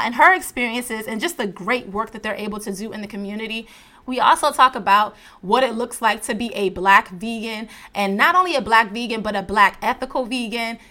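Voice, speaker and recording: Bright-voiced woman hosting a podcast. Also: on the high side. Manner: enthusiastic, laughs often. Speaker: podcast host. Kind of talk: casual interview chat.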